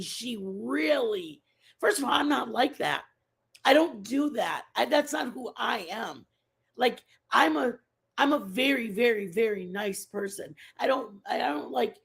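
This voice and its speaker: With a slightly high voice, vocal fry, and a breathy edge, this livestream host rambles through a casual chat with her viewers, often repeating herself. She comes from a Mexican family background.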